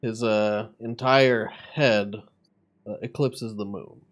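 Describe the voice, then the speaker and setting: A man with a fairly low voice narrates a tabletop game as its dungeon master. He describes the scene in a calm, low-key way, building it up bit by bit. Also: takes it slowly.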